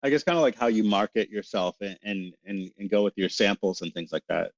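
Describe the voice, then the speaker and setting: A lively male interview guest from Canada with a fairly low voice, quick to laugh and excitable as he talks. His audio sounds a little muffled and lo-fi, and dry with no room echo. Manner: animated, laughs often, excitable. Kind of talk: casual interview chat.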